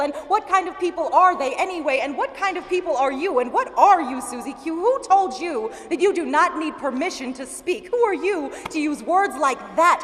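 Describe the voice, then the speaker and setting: Woman slam poet reading live, high voice, long hall reverb with faint room noise behind her. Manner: talks casually and jokingly with the audience between poems; recites with driving, repeated rhythmic lines. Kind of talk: live spoken-word poetry reading. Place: university event hall before a live audience.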